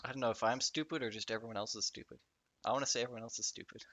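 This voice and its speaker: A man's voice: mid-range voice, steady tone, sharp tone, no echo. A young man with a Canadian accent, chatting casually as a podcast guest, joking and swearing often. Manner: joking, swears often, quick bursts of laughter.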